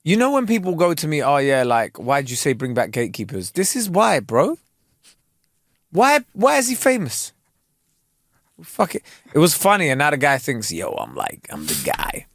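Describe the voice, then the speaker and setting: A man co-hosting a podcast, telling a story with lots of slang. His pitch swings widely as he talks. The sound is dry and close. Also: big pitch swings, normal speed, long pauses, no echo. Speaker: podcast co-host. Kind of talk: casual chat.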